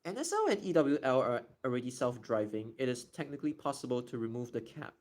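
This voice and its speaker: A young man streaming live, casually answering viewer questions in a chatty, explanatory way and slowly stretching out words to demonstrate them. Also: mid-range voice, sing-song, a little mellow.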